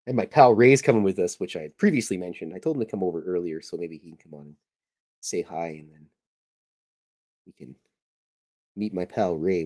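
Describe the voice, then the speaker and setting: A man's voice: lowish voice, dark tone. A middle-aged man from Canada who hosts a show, chatting casually while he draws cartoons, full of jokes and self-deprecating asides. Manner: joking, self-deprecating, meandering. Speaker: podcast host and cartoonist. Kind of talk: casual rambling chat while drawing.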